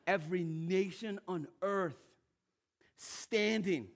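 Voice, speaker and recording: A man with an American accent preaching a casual, animated sermon, moving from loud excitement to hushed intensity. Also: sits high, brisk. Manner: casual, uses pop culture and slang. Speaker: pastor.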